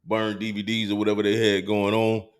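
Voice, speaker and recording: A man hosting a casual podcast, his voice sitting on the low side. He talks loosely and meanders through his stories, dropping plenty of fillers along the way. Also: a little fast, smooth. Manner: relaxed, meandering storytelling with many fillers. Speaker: podcast host. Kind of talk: casual chat.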